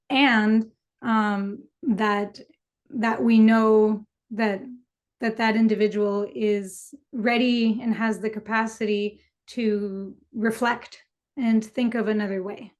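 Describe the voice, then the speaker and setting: A woman's voice: on the high side, fairly even intonation, takes it slowly, darkish tone. A woman youth educator chatting casually, often checking in with "right?" and affirming her partner. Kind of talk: casual conversational talk.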